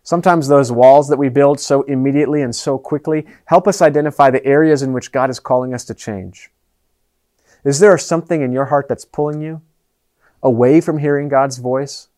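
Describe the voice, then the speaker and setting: A man preaching a sermon as pastor, earnest, moving between raised and hushed delivery. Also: medium pitch, moderate pace.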